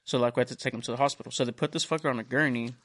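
A man's voice: medium pitch, steady tone, rapid-fire, a bit bright. Young male podcast host, casual and profane, rambles through a story while acting out what everyone said. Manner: rambling, profane, retells dialogue in quotes. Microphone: studio mic.

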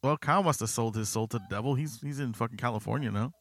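A man's voice: medium pitch, fast, a bit bright, dry recording. A man hosting a podcast in casual chat, rambling and hesitant with lots of fillers and cursing. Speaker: podcast host.

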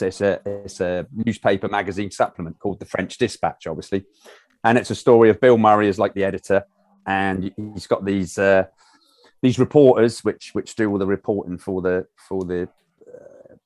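A man's voice: lowish voice, a little mellow, no room sound. A man co-hosting a casual radio show, explaining a film hesitantly with many fillers.

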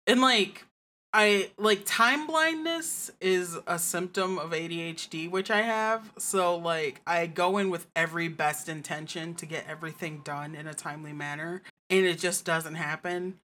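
A woman with a bright, forceful voice set a little low, talking as a guest on a casual podcast. She is chatty and self-deprecating, and laughs often as she talks. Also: measured pace.

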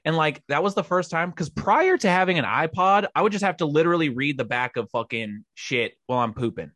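A man's voice: a little high, brisk, no echo. A young man telling stories in casual chat, swearing freely and laughing often. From Boise, Idaho area. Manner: swears a lot, laughs often, animated storytelling.

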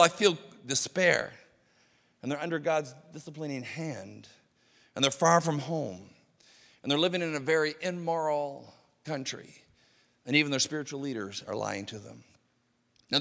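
Preaching with a slightly high, bright and forceful voice, this pastor speaks earnestly and conversationally, frequently repeating words. The sound carries the long reverb of a hall.

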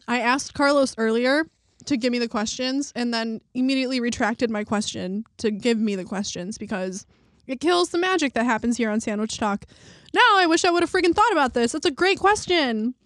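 A woman's voice: a little high, normal speed, dry recording, studio quality. A woman co-hosting a casual food podcast, chatty and rambling, using slang. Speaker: podcast co-host. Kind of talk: casual chat.

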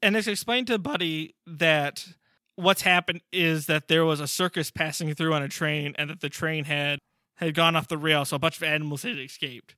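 Recorded at studio quality with no room sound, a fairly high-pitched young man co-hosts a podcast, casually and animatedly recounting a comic's story while quickly acting out the characters in short bursts.

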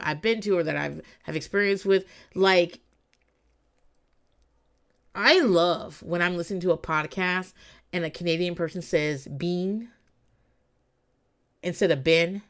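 Woman podcaster riffing casually, swears a lot, laughs between bits, smooth clear voice. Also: medium pitch. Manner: chatty, profane, laughing asides. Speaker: podcast host. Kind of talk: casual true-crime commentary.

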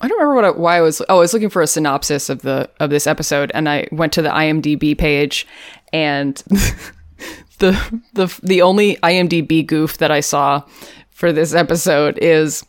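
Woman with a really low voice, casual jokey podcast chat, super dry sound. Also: moderate pace, no room sound. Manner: chatty, jokey, laughs often, many fillers. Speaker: podcast co-host. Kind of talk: casual chat recapping a TV episode.

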